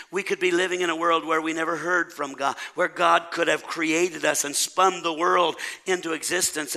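Gravelly, bright-voiced preaching man. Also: a little high. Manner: preaching, rising to a shout, then dropping to a soft hush. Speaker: pastor. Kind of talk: sermon.

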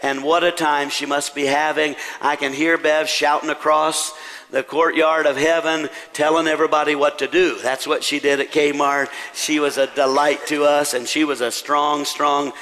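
A middle-aged man leading a church service as pastor, praying and welcoming his congregation, his voice rising and growing louder when he rallies the room. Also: fairly high pitch, little pitch movement, moderate pace. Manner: warm pulpit delivery, rising loud when rallying the congregation. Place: church sanctuary. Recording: long church reverb with faint instrumental music.

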